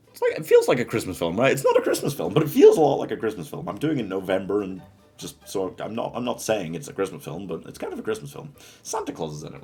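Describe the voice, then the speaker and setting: A man with a deep, low voice talks casually to camera about fan casting. He is chatty and self-mocking and often laughs at his own picks. Faint music plays behind him. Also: a little mellow. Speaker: host.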